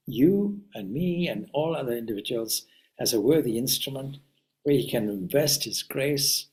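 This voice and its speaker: A man, a swami, giving a spiritual teaching talk to seekers in a Q&A session. He speaks in a measured, reflective way, builds long lists of phrases and now and then pauses on an "uh". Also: medium pitch. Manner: reflective, with occasional "uh" fillers.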